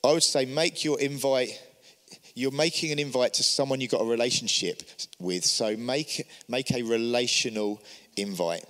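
A man's voice: medium pitch, normal speed, a bit bright. Earnest encouraging man in a reverberant space. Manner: earnest and encouraging, with many rhetorical questions. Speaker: church leader. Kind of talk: teaching talk on inviting people to church.

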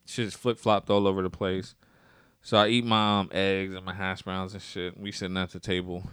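A man's voice: sits low, normal speed, smooth, no echo, studio quality. A man telling a long story in casual conversation, swearing freely and acting out what other people said. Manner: profane, animated storytelling with acted-out quotes. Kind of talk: casual chat.

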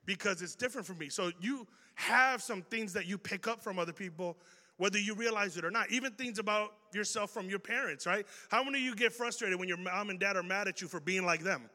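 High-voiced and brisk, a young Chicago-accented man from Chicago preaches to a youth crowd. He's informal and animated, playing out quoted exchanges, and the recording carries a long hall reverb.

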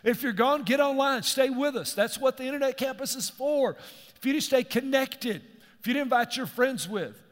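A middle-aged man preaches a sermon in a fairly high voice. He keeps asking his congregation questions as he speaks. His voice rings out with the long reverb of a large church hall. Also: normal speed, fairly bright tone. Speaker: pastor.

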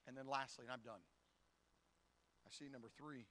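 A man's voice: mid-range voice, steady tone, normal speed, bright, forceful tone, a little hiss or hum. A man preaching a folksy, humorous sermon who acts out little scenes and often stumbles and repeats words. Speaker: pastor.

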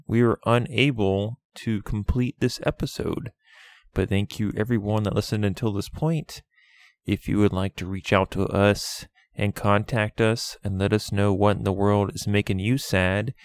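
Low-voiced man reading a podcast outro. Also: no echo. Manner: plain, pleading for reviews. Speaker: podcast host. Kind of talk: scripted outro.

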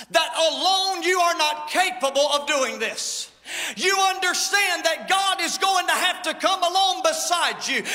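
A man preaching a sermon as lead pastor, impassioned and swinging between shouts and low asides. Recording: church hall with long reverb.

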